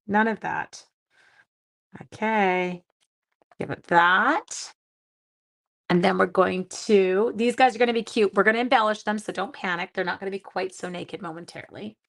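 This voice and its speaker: A woman's voice: mid-range voice, creaky, fairly bright tone. A middle-aged woman hosting a casual crafting livestream from home, chatting to viewers by name and poking fun at her own mistakes. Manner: chatty, self-deprecating, greets viewers by name. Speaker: craft demonstrator, livestream host.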